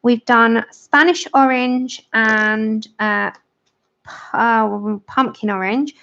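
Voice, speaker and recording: A woman's voice: fairly high pitch, fairly even intonation, slow, gravelly, bright, forceful tone. Chatty British woman, lo-fi stream. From Britain. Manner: chatty, laughs often, reads out viewer comments. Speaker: livestream host. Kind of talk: casual chat while colouring. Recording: dull lo-fi stream audio.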